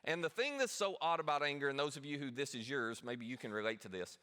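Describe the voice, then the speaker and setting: Bright-voiced pastor, chatty sermon. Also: male voice, mid-range voice, lively intonation, fast. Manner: conversational and self-deprecating, with rhetorical questions.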